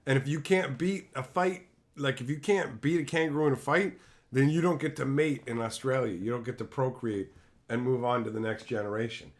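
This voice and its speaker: A male livestreamer talks loosely to his chat, tossing out crude, swear-filled jokes as he goes. His voice sits at an ordinary mid pitch. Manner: crude, profane joking banter; riffs on viewer chat messages. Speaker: streamer.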